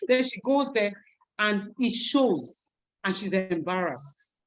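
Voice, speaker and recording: Expressive woman teacher. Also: mid-range voice, slow, rough recording. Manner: expressive, acts out voices, repeats words. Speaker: teacher and guest speaker. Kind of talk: animated webinar talk.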